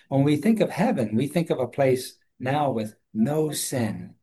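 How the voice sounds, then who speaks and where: Male co-host, earnest Bible-study talk, thoughtful, mid-pitched. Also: lively intonation, unhurried, few pauses, warm tone, husky. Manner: earnest, thoughtful, with frequent restarts.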